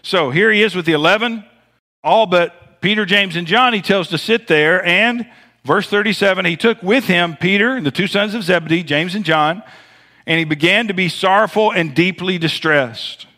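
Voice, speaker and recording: Southern male pastor preaching, bright voice. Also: sits high. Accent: Southern American. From American South. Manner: preaching with dramatic pauses and wide swings in loudness. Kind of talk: sermon.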